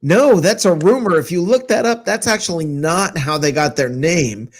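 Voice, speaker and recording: Male podcast co-host, teasing, argumentative, lively fairly high voice. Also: normal speed. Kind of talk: casual sports banter.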